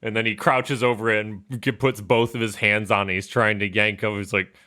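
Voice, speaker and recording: A man narrating a tabletop game as game master, telling the story in an animated, laughing way. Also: fairly low pitch, brisk.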